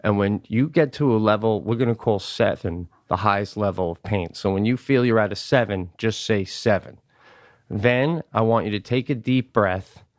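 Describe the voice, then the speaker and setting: This podcast co-host speaks at normal speed with a fairly low voice, captured in clean, dry studio sound. His storytelling is casual and comic, full of swearing and acted-out voices for the people in it.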